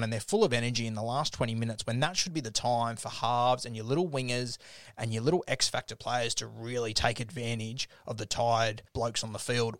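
Podcast host, mid-pitched, blunt and sweary, dry close mic. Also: male voice, a bit bright, no echo. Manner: blunt, swears freely, calls people mate. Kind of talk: casual sports podcast chat.

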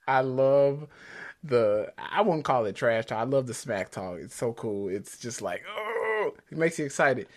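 An excitable man co-hosting a podcast in a casual chat. His voice swings up and down with lively energy, and he trips over his words in eager restarts. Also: medium pitch, unhurried. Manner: excitable, enthusiastic, stumbling restarts. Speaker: podcast co-host. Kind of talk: casual chat about drag racing.

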